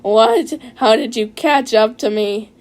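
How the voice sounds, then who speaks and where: A woman voicing an ugly old male outlaw who steals a purse, shouting and taunting in a comic story. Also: on the high side, takes it slowly. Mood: shocked.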